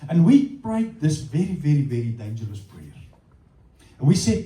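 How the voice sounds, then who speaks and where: A South African pastor with an Afrikaans accent preaches in a very dark, mellow voice whose pitch rises and falls with lively swings. He mixes English and Afrikaans as he tells his stories. He sounds distant from the mic, in an echoing church hall. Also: moderate pace. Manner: storytelling, switching between English and Afrikaans. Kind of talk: sermon.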